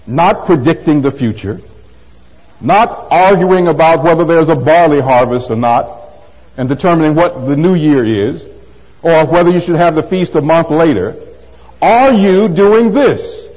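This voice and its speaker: Older male pastor, fairly high voice, conversational sermon with rhetorical questions, dull lo-fi recording. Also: a little slow, darkish tone. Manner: conversational preaching, rhetorical questions, wry asides. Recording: dull lo-fi sound in a reverberant hall.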